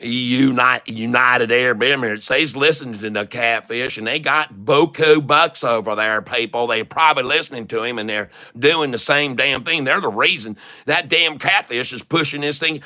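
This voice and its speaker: A man's voice: mid-range voice, moderate pace, hardly any pauses, sharp tone, no room sound, clean studio sound. A man putting on a hammy country drawl. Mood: mocking. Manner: put-on Southern drawl, hammy and preachy. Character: folksy country-western man, drawling and boastful. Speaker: stock trading streamer.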